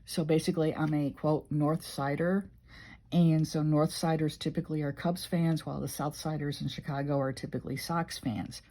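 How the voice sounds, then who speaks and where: A woman's voice: sits low, steady tone, normal speed, mellow. An older woman from Illinois chatting casually and emotionally as she flips through her journal. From Illinois, USA. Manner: rambling, emotional, conversational. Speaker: journaling vlogger.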